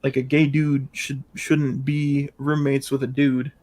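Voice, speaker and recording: A man's voice: mid-range voice, level tone, unhurried, a little mellow. Sarcastic young man on a livestream. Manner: sarcastic, mocking, crude. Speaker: livestream co-host. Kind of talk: casual livestream commentary.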